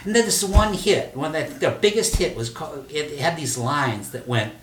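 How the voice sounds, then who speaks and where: An older man, a poet and teacher, talking casually in an animated, profane way and laughing often. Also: a little high, normal speed, few pauses, recorded from a distance. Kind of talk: casual conversation. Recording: echoey room, off-mic, faint noise.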